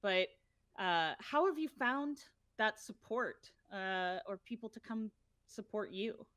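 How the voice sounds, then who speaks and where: Bright-voiced woman asking rambling questions. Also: medium pitch, lively intonation, takes it slowly, dry recording. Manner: rambling question with fillers, laughs easily. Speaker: interviewer, summit host. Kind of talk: conversational interview.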